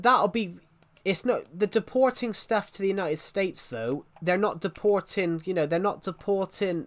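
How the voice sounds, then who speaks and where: A young man streaming live, chatting casually to viewers in a rambling, opinionated way and answering chat comments. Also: a little high. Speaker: gaming livestreamer.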